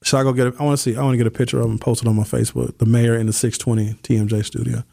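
A man hosting a radio talk show, speaking casually and telling stories in slangy, animated speech. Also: medium pitch, rapid-fire, vocal fry, no room sound, clean studio sound. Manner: animated storytelling, slangy, reads listener texts. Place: radio studio. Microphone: studio microphone.

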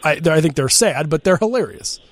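A man's voice: a little high, lively intonation, a little fast, no room sound. A man hosting a radio talk show, chatting casually and laughing easily.

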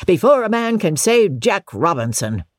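A reader voicing a jovial, fat old male merchant who calls out in hearty, booming shouts, pitched well above the narration. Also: very animated, normal speed, dry recording, clean studio sound, lightly acted. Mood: jolly.

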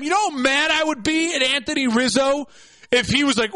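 A young adult man hosting a sports talk show, ranting excitably and bursting into shouts. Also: very high-pitched, brisk, no echo.

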